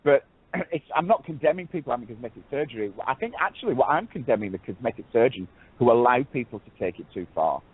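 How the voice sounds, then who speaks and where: Fast, husky man chatting on radio. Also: mid-range voice, animated. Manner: rambling, self-correcting, fond of "darling". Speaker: co-host. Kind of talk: casual radio chat. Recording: tinny phone-like radio audio.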